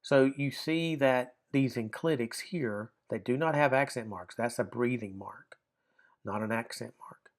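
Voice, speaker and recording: Man, grammar teacher, mid pitch, explains step by step, restarts. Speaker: Bible language teacher. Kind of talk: classroom grammar lecture.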